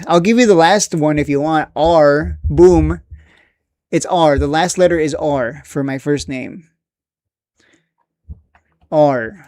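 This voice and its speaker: This man's voice is slightly high and somewhat mellow as he talks stock charts on a casual live stream. He rambles, quickly laughing or getting irritated along the way.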